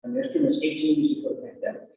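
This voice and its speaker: A man's voice: a little high, animated, rapid-fire, dark tone, recorded from a distance, dull audio. A male pastor teaching in an emphatic, repetitive, folksy preaching manner. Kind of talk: sermon-style teaching talk. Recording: very echoey church hall, heard from afar.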